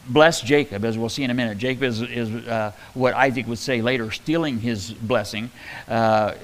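A male pastor teaches a Bible passage in a relaxed, conversational sermon. He often stops, repeats himself and fills pauses, and his voice sits at an ordinary middle pitch. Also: poor audio. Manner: conversational, halting, many fillers and restarts.

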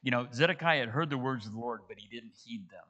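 Bright-voiced man preaching a Bible teaching. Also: mid-range voice, fast, muffled recording. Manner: paraphrases scripture in casual modern dialogue; conversational with frequent restarts. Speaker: pastor. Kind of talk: sermon, expository Bible teaching.

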